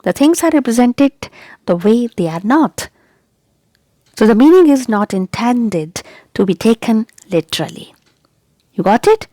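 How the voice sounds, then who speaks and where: An English teacher explains a lesson on her video channel, repeating key points and often asking rhetorically whether the listener understood. Her voice sits on the high side and is sing-song and dark in tone. She speaks unhurriedly with long pauses, and there's no room sound.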